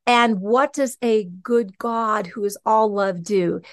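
A woman's voice: medium pitch, slow. A woman teaching scripture in a casual, conversational way, often checking in with "okay" and "right.". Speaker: podcast teacher.

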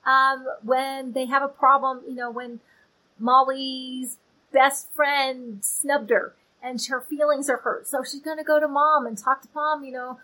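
A woman giving a casual, chatty Bible teaching, animated and playful with asides. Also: sits high, a little slow, low-quality recording.

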